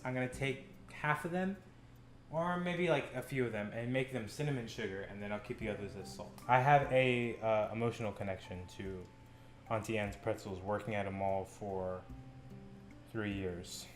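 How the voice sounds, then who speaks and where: Excitable young man in a roomy kitchen. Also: on the low side, normal speed. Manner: excitable, swearing, stumbling restarts. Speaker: cooking show host. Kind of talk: casual cooking vlog. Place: home kitchen. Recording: roomy kitchen echo, faint background music.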